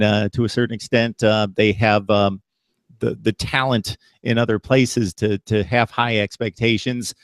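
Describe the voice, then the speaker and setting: A man hosting a college football talk show, speaking casually with many pauses and fillers. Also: mid-range voice, dry recording, studio quality. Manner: hesitant, full of pauses and fillers. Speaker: host.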